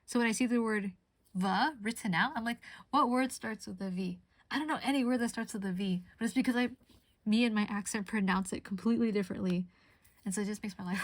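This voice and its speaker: A woman's voice: medium pitch, no echo. A young woman streamer chatting casually and rambling while she crafts, answering her chat.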